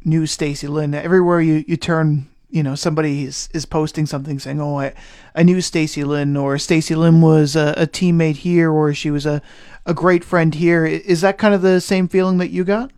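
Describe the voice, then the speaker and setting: A man's voice: on the high side, level tone, moderate pace, darkish tone, clean tone. A male radio reporter interviewing a guest, asking questions with a few hesitant fillers. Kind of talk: news interview.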